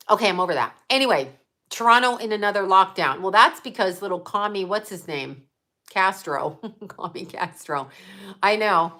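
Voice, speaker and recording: Middle aged psychic lady ranting on a livestream, bright punchy voice, blunt, swears a lot. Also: mid-range voice, lively intonation, normal speed. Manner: blunt and emphatic, swears freely. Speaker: psychic medium. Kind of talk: casual livestream monologue.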